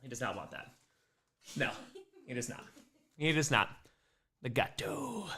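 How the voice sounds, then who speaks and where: A man's voice: mid-range voice, big pitch swings, measured pace, long pauses, sharp tone, a little hiss or hum. A man hosting a charity livestream from home, chatting casually, fondly scolding his dog and thanking donors. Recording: roomy echo.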